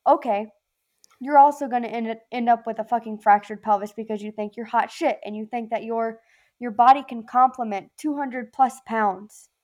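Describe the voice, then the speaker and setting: A woman's voice: on the high side, normal speed, a little mellow. Blunt, profane Southern woman. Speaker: podcast guest, former Marine. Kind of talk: casual podcast chat.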